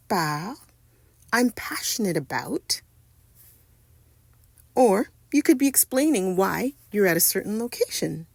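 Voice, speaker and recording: A woman narrates a French lesson at an unhurried pace, with a gravelly, creaky edge to her voice. She spells out and stresses each phrase with care. The sound is dry and close, with no room around it. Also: fairly low pitch, lively intonation, darkish tone, no room sound. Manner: slow, careful, spells out and stresses French words. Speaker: French teacher.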